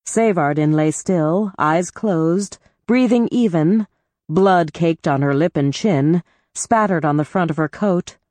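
A woman narrates a novel in a measured, even first-person reading. Her voice is fairly low and her pace slow. The recording is close and dry. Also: no room sound. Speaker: audiobook narrator.

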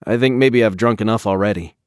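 A man's voice: fairly low pitch, a little fast, dry recording, studio quality, close to an everyday voice. A man reading an audiobook, voicing a nervous, eager middle-aged married man who speaks hesitantly. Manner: hesitant, fumbling.

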